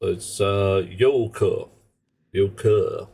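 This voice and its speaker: Slow, low-voiced male streamer. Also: animated, a little mellow, slightly rough. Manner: rambling, joking, muttering asides. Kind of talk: casual live-stream chat while gaming.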